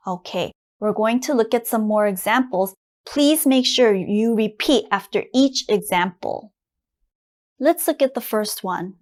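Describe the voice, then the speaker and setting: Slow, clear woman teaching English. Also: medium pitch, animated. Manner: slow, clear, exaggerated example sentences. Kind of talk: beginner grammar lesson.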